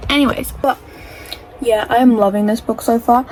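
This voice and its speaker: A woman's voice: a little high, steady tone, normal speed, a little mellow, a little hiss or hum, poor audio. A teenage girl chatting casually in a reading vlog, gushing and dramatic about a book. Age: teens. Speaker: reading vlogger.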